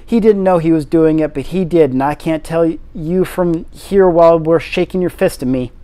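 A man's voice: high voice, lively intonation, a little fast, dark tone, dry recording. A man doing a stubborn young girl. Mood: obstinate. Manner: obstinate, breathless.

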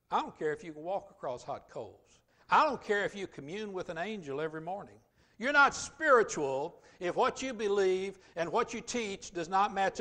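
A man preaching a sermon as pastor in a church, emphatic, dropping to quiet asides and rising to loud, stressed points. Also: high-pitched. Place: church sanctuary.

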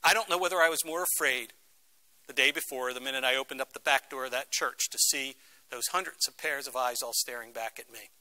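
Storytelling with dramatic emphasis, a middle-aged Philadelphian guest-lectures students in a university lecture room, using a mid-range voice that is bright, forceful and a little fast. He plays out the quoted voices as he goes.

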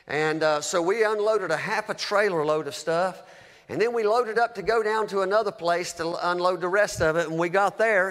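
A man's voice: high voice, a bit bright, big-room sound. A man preaching, telling a heartfelt story as testimony, with a fervent, emotional delivery. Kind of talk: sermon testimony.

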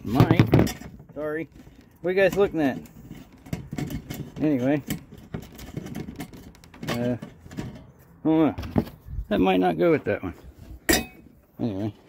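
A folksy, joking man talks to his viewers while working outdoors, a little out of breath. His voice sits fairly high and swings up and down a lot. The phone recording has clear background noise. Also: lively intonation, takes it slowly, long pauses. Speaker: scrap-hunting vlogger. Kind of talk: casual vlog chat. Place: outdoors, backyard and curbside. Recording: noisy outdoor phone audio.

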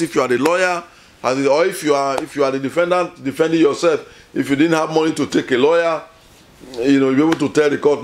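A man's voice: on the high side, fast. Emphatic man explaining law. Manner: repetitive, emphatic, self-correcting. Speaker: lawyer explaining court procedure. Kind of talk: informal legal lesson.

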